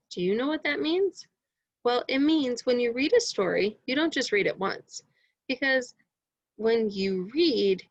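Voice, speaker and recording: Slow, encouraging woman teacher. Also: a little high, no room sound, dull audio. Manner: bright and encouraging, asks children questions. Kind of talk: online reading lesson for young children.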